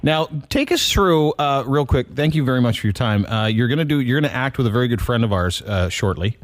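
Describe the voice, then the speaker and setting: A man hosting a morning radio show, talking in a blunt, joking way and cutting in with quick questions. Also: mid-range voice, lively intonation. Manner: blunt, joking, fast interjections.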